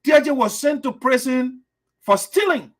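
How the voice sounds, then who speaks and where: A man's voice: very high-pitched, expressive, normal speed, fairly bright tone. A man hosting political radio commentary, scornful and lecturing. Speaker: host.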